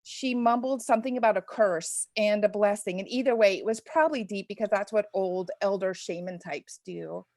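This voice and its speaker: A woman reading her own deliberately awful first chapter aloud, with a sly, mock-breathless comic delivery. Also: mid-range voice, a little mellow, no room sound, clean studio sound. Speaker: guest author reading a parody chapter.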